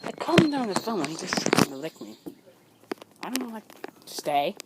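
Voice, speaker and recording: A woman's voice: lowish voice, very animated, normal speed. A woman filming her cats at home on her phone, talking playfully to them in a cooing way and giggling often, sleepy from just waking up. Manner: cooing, playful talk to pets, frequent giggles. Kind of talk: casual home video chat. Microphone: handheld phone camera. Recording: phone video with clear background noise.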